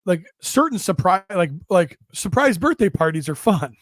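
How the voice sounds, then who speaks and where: A man's voice: high voice, very animated, moderate pace, no echo, studio quality. A middle-aged man co-hosting a comedy podcast, rambling through crude stories about raising kids with profane asides. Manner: profane, rambling storytelling with mocking impressions. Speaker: podcast co-host.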